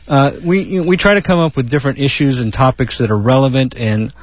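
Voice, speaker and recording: Relaxed man co-hosting talk radio. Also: medium pitch, brisk, dry recording. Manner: relaxed, promotional. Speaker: radio co-host. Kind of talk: casual talk radio chat. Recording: dry dull lo-fi radio recording.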